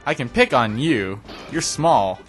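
A young man giving casual, self-deprecating gameplay commentary, breaking into sudden excited yelps. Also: medium pitch, unhurried, soft background music. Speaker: let's play commentator.

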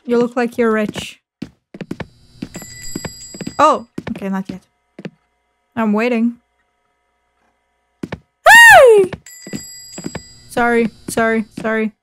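Excitable woman with crude game commentary. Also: on the high side, slow, pauses often, a little hiss or hum. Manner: crude, excitable, loud outbursts. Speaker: gaming video host. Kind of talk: casual let's play commentary.

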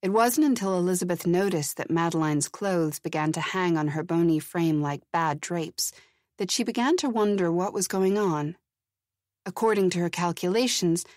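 A woman reading a novel aloud as audiobook narrator, measured and wry, close to a studio mic. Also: lowish voice, a little mellow, dry recording. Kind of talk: scripted narration.

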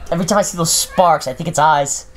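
A woman playing a horror game with friends, loud and excitable, swearing and shrieking at scares. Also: sits low, quick pace. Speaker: let's play gamer. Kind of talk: casual group gameplay chat. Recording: noisy home recording.

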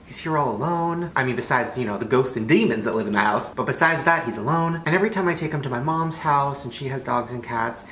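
A man vlogging from home in casual chat, excitable and jokey, swearing freely. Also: mid-range voice, quick pace, few pauses. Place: at home indoors. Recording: echoey room, faint background noise.

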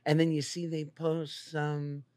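A man's voice: fairly high pitch, completely flat delivery, darkish tone, dry recording, clean studio sound. Joking man hosting a podcast. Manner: joking, quick quips. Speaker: podcast host. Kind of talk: casual chat.

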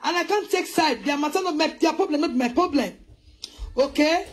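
High-voiced Nigerian woman ranting. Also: moderate pace. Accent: Nigerian Pidgin English. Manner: animated, scolding, mixes English with local languages. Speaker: host. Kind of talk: live commentary on online drama.

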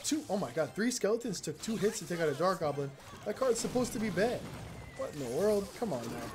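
A man giving chatty, excitable, slangy commentary while playing a mobile game, with sarcastic asides. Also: sits high, fairly quick. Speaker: gaming YouTuber. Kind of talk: casual gameplay commentary. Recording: game music behind the voice.

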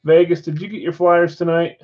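Guy running a card break stream at home, bit high voice, kinda dull lo-fi sound, chatty with chat. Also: steady tone, fairly quick, darkish tone. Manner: chatty, reads viewer comments aloud. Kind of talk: casual live-stream chat. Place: house with a floor above.

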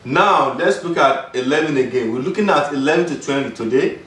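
A man with a Nigerian accent teaching Yoruba, slowly drilling words and repeating them for a student. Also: on the high side, lively intonation, fairly bright tone. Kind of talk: patient classroom teaching. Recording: roomy sound, mic far off.

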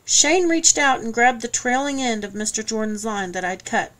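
A woman reading an audiobook in first person, steady and measured. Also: on the high side. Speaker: audiobook narrator. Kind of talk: scripted first-person narration.

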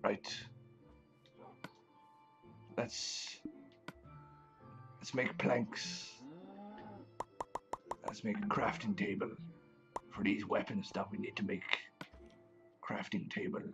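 A man's voice: on the low side, steady tone, takes it slowly, creaky, pauses often, fairly bright tone. A man hosting a let's play in a pirate persona, growling "arr" between chatty remarks. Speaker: gaming channel host. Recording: slightly dull lo-fi with faint music.

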